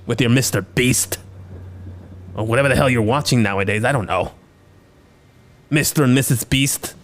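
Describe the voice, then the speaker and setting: A man's voice: medium pitch, normal speed, close to an everyday voice. A man voicing a goofy, defensive middle-aged dad who blusters and jokes at his kids. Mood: blustering. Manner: blustering, joking, exaggerated.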